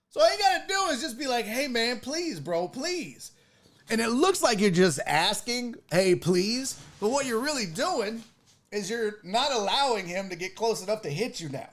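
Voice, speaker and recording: A man hosting a show, casually commenting on a video with profane jokes and mimicking the people in it. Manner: animated, profane, mimics people in high voices. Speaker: show host.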